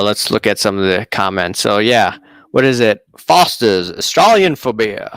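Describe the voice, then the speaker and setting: A man's voice: lowish voice, fairly bright tone, clean tone, dry recording. A man hosting a casual live stream, chatting and reading out viewer comments in a rambling way.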